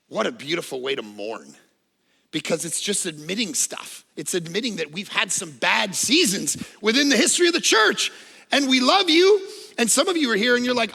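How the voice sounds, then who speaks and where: Brief: man in his 40s, pastor delivering a sermon; high, bright and edgy voice; lively storyteller; reverberant church hall. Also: moderate pace, gravelly. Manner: lively conversational storytelling with humor. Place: church auditorium.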